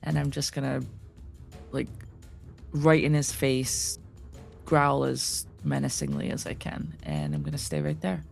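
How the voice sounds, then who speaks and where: Deep, gravelly-voiced woman player. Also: lively intonation, faint music behind. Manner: slow and hesitant, many fillers. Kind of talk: tabletop game play over voice chat.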